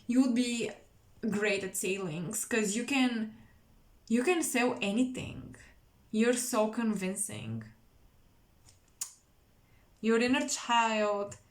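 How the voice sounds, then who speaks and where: A woman doing an intuitive tarot reading to camera, musing and searching for words with many pauses. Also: on the high side, roomy sound. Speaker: tarot reader.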